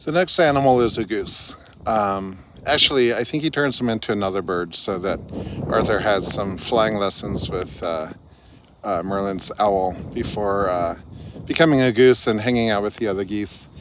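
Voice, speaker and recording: A book reviewer with a lowish voice talks at normal speed through a casual spoken book summary, with noisy background audio. His delivery is loose and conversational, with frequent fillers and restarts.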